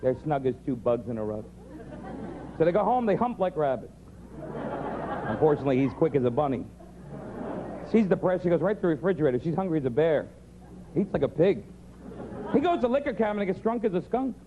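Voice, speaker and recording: Male stand-up, high mellow voice, simile-heavy bit on a dull old TV broadcast. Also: very animated, fast, long pauses, a crowd in the background, noisy background. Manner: rattles off a chain of animal similes. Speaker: stand-up comedian. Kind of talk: stand-up joke telling. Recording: dull 90s TV broadcast sound.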